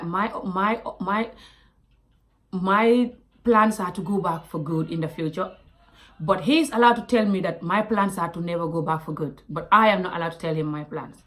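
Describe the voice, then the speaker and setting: A woman from Africa telling a personal story to camera, animated, with quiet asides and whispers. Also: medium pitch. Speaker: vlogger.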